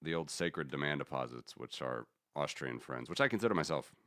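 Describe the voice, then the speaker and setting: A man's voice: very deep voice, animated, brisk, a bit bright, dry recording, studio quality. A man hosting a casual commentary stream, rambling and correcting himself as he talks through charts. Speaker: host.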